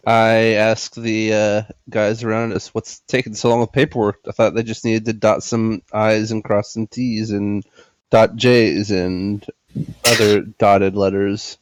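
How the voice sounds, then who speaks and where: A man's voice: on the low side, little pitch movement, a little slow, no echo, poor audio. A man playing a tabletop game, cracking jokes in a playful way. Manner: joking, playful. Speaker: player. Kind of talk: casual tabletop role-play.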